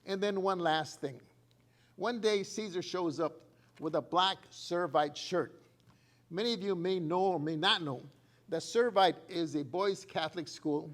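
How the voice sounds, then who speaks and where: An older man giving a prepared speech at a speaking club, telling anecdotes and laughing at his own jokes. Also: high-pitched.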